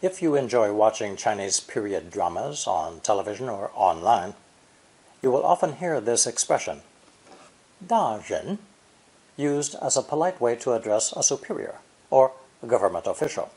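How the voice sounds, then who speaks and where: A man giving a scripted language lesson, explaining each point clearly and repeating sample syllables slowly. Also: lowish voice, expressive, darkish tone. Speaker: language teacher. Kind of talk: scripted educational narration.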